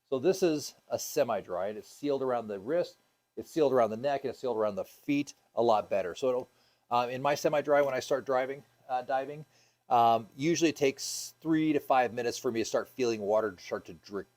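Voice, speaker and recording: A male scuba instructor talks a class through gear in a classroom. His voice sits at an ordinary middle pitch, and he keeps it casual and upbeat, with plenty of ums and uhs. Now and then he tosses questions out to the group. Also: fairly quick, a little mellow. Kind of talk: classroom teaching.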